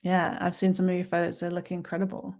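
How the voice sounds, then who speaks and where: A woman's voice: fairly low pitch, monotone, fast talker, gravelly, a little mellow. Rambling reflective woman podcaster. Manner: rambling, reflective, many fillers and restarts. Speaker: podcast co-host. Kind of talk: casual spiritual chat.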